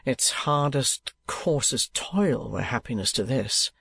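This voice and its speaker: A man voicing an earnest, gentle young schoolteacher who speaks in a calm, sorrowful, soothing way. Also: medium pitch, slow pace, gravelly, slightly rough, no echo, heavily acted.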